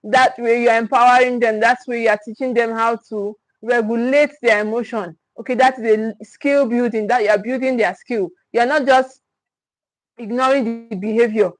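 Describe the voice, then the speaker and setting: On a livestream, a parenting coach with a fairly high, steady voice speaks at normal speed, emphatically hammering home and repeating key phrases. She talks straight to the viewers and checks in with them, and the rough recording has no echo.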